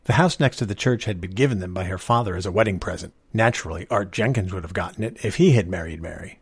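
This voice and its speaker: A man narrating a story in a measured, expressive reading voice. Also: deep voice, slightly rough, dry recording.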